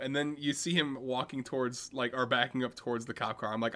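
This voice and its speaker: Bright-voiced guy joking around on a movie podcast, cursing and laughing. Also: mid-range voice, fairly even intonation, a little fast, few pauses. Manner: joking, swearing, laughs often. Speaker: podcast co-host. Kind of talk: casual movie chat.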